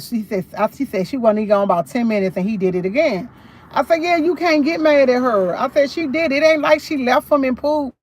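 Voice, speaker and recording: A woman's voice: high voice, darkish tone. A woman livestreaming, retelling a conversation in a casual, emphatic way. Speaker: livestream host.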